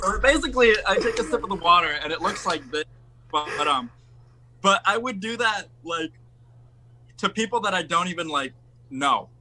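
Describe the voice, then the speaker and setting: Bright-toned young man telling rambling stories. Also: high voice, animated, normal speed, pauses often, slight background noise. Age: 20s. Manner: rambling storytelling, heavy on filler words. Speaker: musician guest. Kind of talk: casual chat.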